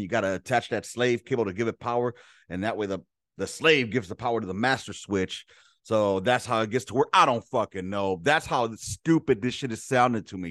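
Profane ranting man, low voice. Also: fairly bright tone, dry recording, clean studio sound. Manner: profane, heated and rambling. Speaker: podcast host. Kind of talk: casual ranting monologue.

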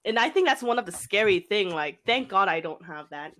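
A woman's voice: medium pitch, expressive, fairly quick, a bit bright. Giggly young woman in casual chat. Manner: giggly, breaks into frequent laughter. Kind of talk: casual chat among friends.

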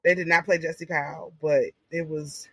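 A young woman co-hosting a podcast in casual chat, animated and storytelling. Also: normal speed, gravelly, no echo, rough recording. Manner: animated storyteller, jumps high when quoting. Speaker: podcast co-host.

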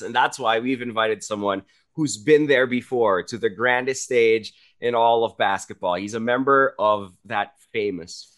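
Brief: male podcast host, low-pitched, energetic hype introductions, casual chat. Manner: upbeat, hype-style introductions.

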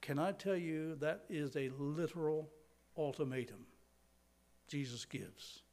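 An older man preaching a sermon, slowing for emphasis and dropping to a whisper at key points. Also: a little high, a little mellow. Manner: dramatic preaching, slows for emphasis, drops to a whisper.

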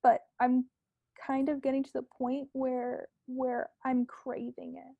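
A young woman, a podcast guest, talking casually and earnestly about herself, with many fillers and soft asides. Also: high-pitched, completely flat delivery, a little slow, vocal fry, no room sound, narrow, tinny audio.

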